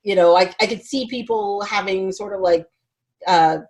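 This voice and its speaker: A woman hosting a podcast, talking in a casual, animated way with lots of filler words. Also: mid-range voice, normal speed, rough recording. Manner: animated, chatty, many "like" fillers. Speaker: podcast host. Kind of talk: casual chat.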